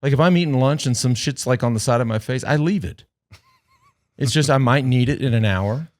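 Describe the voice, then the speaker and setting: A man's voice: mid-range voice, a little fast. A man hosting a podcast in casual chat, rambling and joking with plenty of swearing, into a headset mic. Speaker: podcast host.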